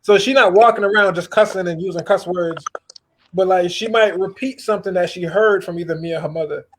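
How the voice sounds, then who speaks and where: A man with a notably high voice talks through parenting in a relaxed group chat, pausing and circling as he picks his words. a faint hiss sits under him. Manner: hesitant, weighs his words with fillers. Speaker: father of a young daughter.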